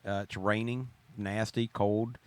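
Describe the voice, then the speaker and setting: A man's voice: on the low side, flat delivery, measured pace, clean tone, no room sound. A man, a Navy veteran guest on a comedy talk show, telling a joke in a hesitant storytelling way.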